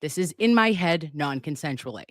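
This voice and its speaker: A woman's voice: low voice, animated, moderate pace, no echo, clean studio sound. A middle-aged woman hosting a casual livestream, sassy and profane as she banters with her viewers. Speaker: livestream host, legal nurse consultant. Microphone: desk microphone.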